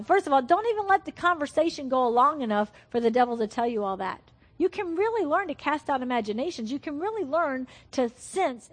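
A woman preaching a sermon in a fervent, earnest way, repeating her points for emphasis. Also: high-pitched.

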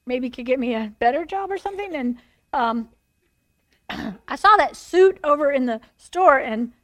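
A woman's voice: high voice, no echo, clean studio sound, lightly acted. A woman voicing a self-absorbed married man who prays in a rambling, distracted way.

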